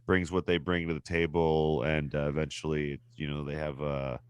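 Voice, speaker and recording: A low-voiced man hosting a casual podcast, rambling through his explanations with plenty of ums and uhs. His voice is smooth and clear, recorded dry and close to the mic. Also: little pitch movement, moderate pace, darkish tone, dry recording. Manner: loose, rambling explanations with frequent fillers. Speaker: podcast host.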